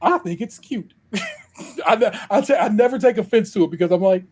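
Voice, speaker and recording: Husky-voiced man telling stories. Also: sits high, quick pace. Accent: Ohio. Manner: animated storytelling, laughs often, acts out quotes. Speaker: podcast co-host. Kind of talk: casual chat.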